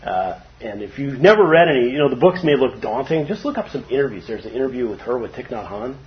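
A man giving a casual, informal dharma talk to a group, chatty and quick to laugh. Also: mid-range voice, lively intonation. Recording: dull lo-fi recording.

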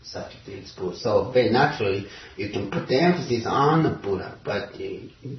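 Halting man giving a distant, roomy dharma talk. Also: lowish voice, lively intonation. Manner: halting, many pauses and fillers, searching for words. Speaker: Zen teacher. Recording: roomy, distant, dull lo-fi recording.

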